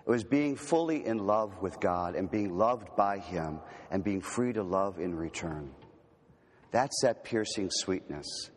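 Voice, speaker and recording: A man giving a teaching talk on prayer, gentle and unhurried, slowing and softening on key words. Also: low-pitched, lively intonation, slightly rough. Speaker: retreat speaker. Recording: long hall reverb.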